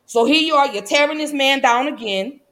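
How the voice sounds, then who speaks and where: A woman's voice: sits high, moderate pace, a bit bright. A mother giving impassioned, preachy commentary in a casual, colloquial way. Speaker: vlogger and mother.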